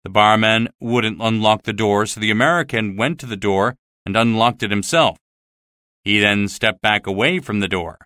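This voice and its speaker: A man narrating a graded reader story aloud in a lively, expressive way, recorded on a close studio mic. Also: on the low side, moderate pace, no echo. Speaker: audiobook narrator.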